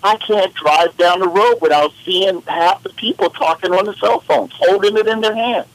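A radio co-host rambles through casual chat and gets worked up as he tells stories, animated and exasperated. He has a high voice at normal speed, recorded with no echo but in poor audio.

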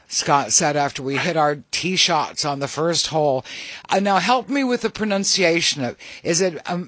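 A man hosts a relaxed radio interview. His voice sits a little high and he keeps the talk upbeat and chatty. The sound is close and dry, with no room around it. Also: normal speed, dry recording. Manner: chatty, upbeat, reads station IDs. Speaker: radio host.

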